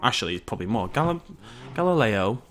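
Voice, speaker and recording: A man talks his way through a video game in a relaxed, rambling let's-play style, joking at his own expense and chatting to his viewers. His pitch bounces around a lot, swooping up and down as he goes. His voice sits in the middle of the usual range for a man. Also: brisk, background noise. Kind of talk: casual gameplay commentary.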